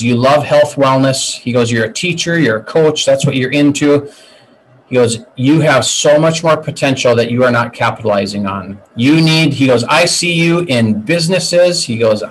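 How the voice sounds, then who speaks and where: A man's voice: on the high side, rough recording. A man who works as a business coach, telling a personal story in a casual podcast interview and acting out past conversations. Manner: animated storyteller retelling conversations.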